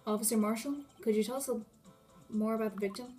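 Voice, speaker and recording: A woman's voice: on the high side, fairly even intonation, fast, warm tone, faint music behind, natural voice. A woman voicing an earnest young male defense lawyer who mutters flustered asides.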